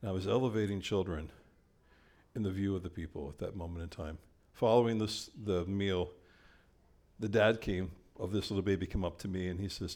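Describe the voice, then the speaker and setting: An older male pastor preaching a sermon, telling a story and acting out the quoted lines with lively, animated delivery. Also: low-pitched, fairly quick.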